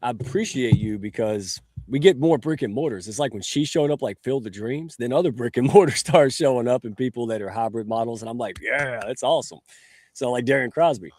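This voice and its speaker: A man's voice: medium pitch, a little fast, darkish tone, no echo. A man hosting a livestream on a video call, folksy and joking with his guests. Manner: folksy and joking, calls himself a redneck. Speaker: show host.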